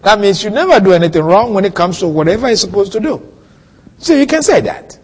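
A man preaching a sermon, teaching slowly through a Bible passage with soft chuckles and questions to his listeners. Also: fairly high pitch, slightly rough, big-room sound.

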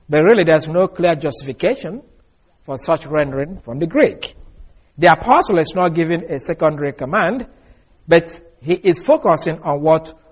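Male preacher, slightly raised pitch, husky tone, deliberate and emphatic Bible teaching. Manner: measured, emphatic, frequent "uh" fillers. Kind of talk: expository sermon.

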